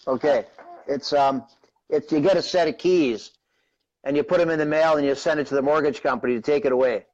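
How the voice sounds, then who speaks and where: A man's voice: fairly high pitch, a little fast, darkish tone, lo-fi sound. A man in his fifties from Canada, telling a long personal story as a guest, rambling and conversational with lots of "right?" and "you know". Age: 50s. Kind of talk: storytelling in a live-streamed interview.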